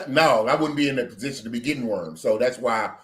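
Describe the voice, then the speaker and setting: A man hosting an online talk show, laughing often and halting over his words. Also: mid-range voice. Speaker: host. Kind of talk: casual chat.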